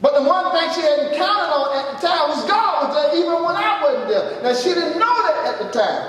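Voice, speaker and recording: A man's voice: very high voice, expressive, a little fast, recorded from a distance. A man preaching a sermon as pastor, emphatic and conversational, calling out to the congregation. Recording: echoey hall, mic from afar, faint noise.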